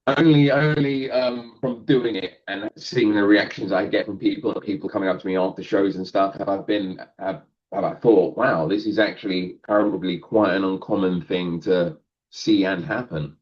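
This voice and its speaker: A man's voice: low voice, fairly even intonation, moderate pace, lo-fi sound. A male comedian talking casually in a podcast interview, rambling and self-deprecating, laughing often. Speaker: guest comedian.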